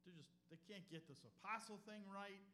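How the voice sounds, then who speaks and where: A man preaching a sermon in short phrases, dramatic, swinging from loud calls to hushed lines. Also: high-pitched, a little fast, a little hiss or hum. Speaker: pastor. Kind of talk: sermon with live interpretation.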